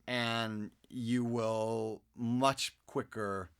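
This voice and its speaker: A man's voice: medium pitch, very slow, clear, resonant tone. A middle-aged man, a voice actor guest, chatting casually and animatedly in an interview. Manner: animated storyteller, drops into impressions.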